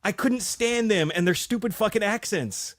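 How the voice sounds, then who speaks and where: A middle-aged man in his forties, co-hosting a podcast and telling a profane, animated story in casual chat. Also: high-pitched, normal speed, no room sound, clean studio sound. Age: 40s. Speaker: podcast co-host.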